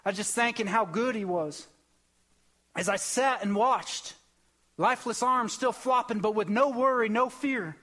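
A man's voice: high-pitched, unhurried, sharp tone. A young man preaching a sermon, telling a personal testimony with emotional, impassioned bursts. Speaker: pastor.

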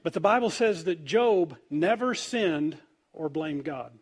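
A man's voice: a little high, measured pace, slightly rough. A man preaching a humorous sermon, acting out the voices in the story as he goes, his volume rising and falling widely. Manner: animated storytelling, acts out quoted voices, wide swings in loudness.

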